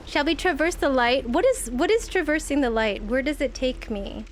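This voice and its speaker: A woman streaming a video game, reacting excitably with gasps, shouts of frustration and sarcastic asides. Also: high-pitched, normal speed, slight background noise. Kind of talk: gameplay commentary. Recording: loud background music.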